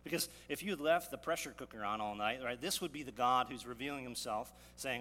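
A man's voice: mid-range voice, a little fast, few pauses, pushed and bright. A male pastor preaching a sermon, teaching verse by verse with rhetorical questions and frequent restarts. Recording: long reverb of a hall, faint hum.

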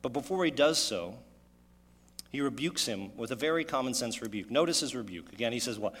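A man preaching a sermon, animated and full of rhetorical questions, his voice echoing in a church hall. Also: mid-range voice, brisk, husky. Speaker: pastor.

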